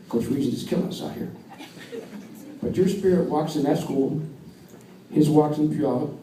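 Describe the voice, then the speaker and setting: An older American man, a coach, speaks earnestly to a banquet crowd and drives his points home with repetition. His mellow voice sounds far from the mic in a very echoey hall. Faint room noise sits behind him. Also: a little high, a little fast, long pauses. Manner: earnest, storytelling, emphatic repetition. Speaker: wrestling coach giving induction speech. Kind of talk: emotional speech at an awards dinner.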